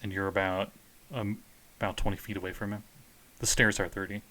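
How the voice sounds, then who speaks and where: A man's voice: lowish voice, flat delivery, a little fast, sharp tone. A man running a tabletop game as game master, casual and joking as he narrates and answers rules questions. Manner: joking, casual, pop-culture references.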